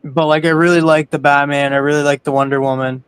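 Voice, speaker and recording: Smooth-voiced, rambling man. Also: a little high, level tone, fast, no echo. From Canada. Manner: rambling, many fillers. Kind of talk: casual chat on a livestream.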